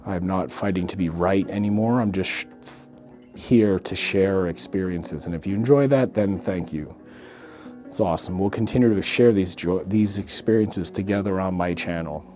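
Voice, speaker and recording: A man with a fairly low voice talks straight to his viewers in a loose vlog, his throat sore and dry from waking up ill. He speaks earnestly, breaking off and restarting phrases as he goes. Faint music sits beneath him. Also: normal speed, darkish tone. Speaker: home theater channel host. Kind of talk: casual vlog talk to camera.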